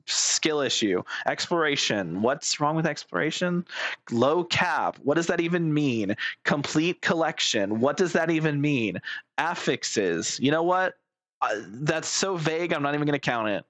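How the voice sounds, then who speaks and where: A man's voice: on the high side, expressive, measured pace, fairly bright tone, dry recording. A man giving casual reaction commentary as a streamer, blunt, sarcastic and profane.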